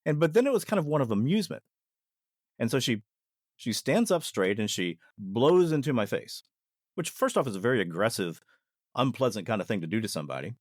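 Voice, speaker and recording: A man, a podcast guest and former ER nurse, telling a paranormal experience in an earnest, deliberate way that takes its time. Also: mid-range voice, sing-song, no echo, clean studio sound.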